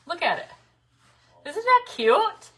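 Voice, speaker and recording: Her voice is very high-pitched, sing-song and a bit bright, and she talks extremely slowly. She's a middle-aged woman hosting a casual craft livestream in her home craft room, chatting, laughing often and calling out viewers by name.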